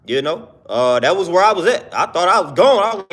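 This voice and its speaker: Young guy rambling on his stream, pretty high voice, slangy, keeps repeating stuff. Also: sing-song, a little fast, few pauses, a bit bright. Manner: earnest, slangy, repeats himself. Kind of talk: casual live-stream monologue.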